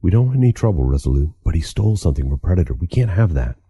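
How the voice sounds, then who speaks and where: A man's voice: sits low, sing-song, dark tone, slightly rough, full character voice. A man doing a nervous elf henchman. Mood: placating. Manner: placating, hurried excuses.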